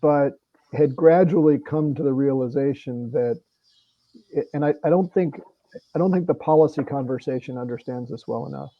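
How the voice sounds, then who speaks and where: A man's voice: mid-range voice, moderate pace, no room sound, muffled recording. A middle-aged man, a congressman, talking earnestly and plainly with frequent restarts at a virtual meeting. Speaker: congressman guest. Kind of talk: conversational talk at a virtual meeting.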